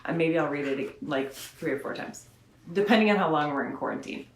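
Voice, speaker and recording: A woman radio host at home in her son's bedroom, chatting casually and then reading a children's picture book aloud in a rambling, friendly way. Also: deep voice. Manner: chatty and rambling, slows down to read. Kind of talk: chatty storybook read-aloud. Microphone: phone or camera set up in front of her. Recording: roomy bedroom sound.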